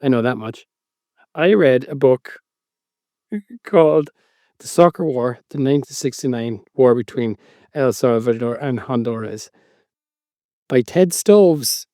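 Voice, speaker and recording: Mellow-voiced sheepish male co-host. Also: medium pitch, animated, a little slow, long pauses, no room sound, studio quality. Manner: sheepish, self-deprecating. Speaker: podcast co-host. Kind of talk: casual podcast banter.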